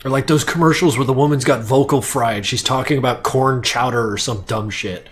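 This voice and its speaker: A man's voice: mid-range voice, a little fast, hardly any pauses, slight background noise. A young man chatting casually on a livestream while he works, rambling, swearing freely and poking fun at himself. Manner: rambling, profane, self-mocking. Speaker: streamer animating on stream.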